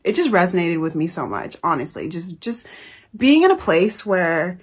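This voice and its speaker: A woman's voice: on the low side, big pitch swings, normal speed, slightly rough. A young woman talking casually about a book she loves, gushing and emotional, swearing freely. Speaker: book reviewer. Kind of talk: casual book review chat.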